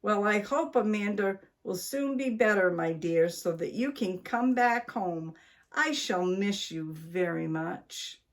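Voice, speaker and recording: Woman reading a fretful older husband, slow-paced and complaining. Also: high-pitched, lively intonation, heavily acted. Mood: relieved. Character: fussy helpless older husband, grumbling.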